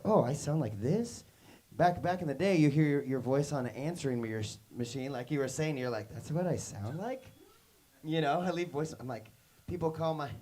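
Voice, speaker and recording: Speaking in a mid-range voice with a dark tone, a workshop leader spins casual, wandering stories for young students. He leans on "like" and "you know" and performs the quoted voices himself.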